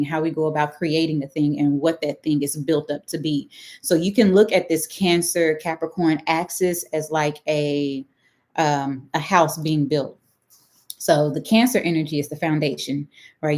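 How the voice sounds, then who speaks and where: Middle-aged Texan woman, deep for a woman, casual live-stream astrologer who keeps asking "right?". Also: a little mellow. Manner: chatty, checks in with "right?" and "okay?".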